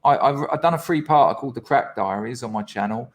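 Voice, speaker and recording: A man tells his story as a podcast guest. He speaks bluntly and swears freely, at an ordinary pitch for a man. He slips into the voices of the people he quotes. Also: fast, dull audio. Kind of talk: candid storytelling interview.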